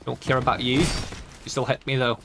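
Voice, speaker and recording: Male game streamer, mid-pitched, put-on made-up accent, impatient grumbling asides, hissy recording. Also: flat delivery, a little fast, gravelly. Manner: mutters at enemies, grumbling and impatient. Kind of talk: live gameplay commentary.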